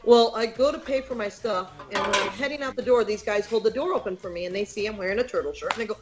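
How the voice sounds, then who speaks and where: A woman's voice: mid-range voice, very fast, few pauses, over music, poor audio. A woman from Michigan, a podcast guest telling stories in a casual chat and acting out the people she quotes. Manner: animated storyteller, acts out quoted voices. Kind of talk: casual storytelling on a podcast call.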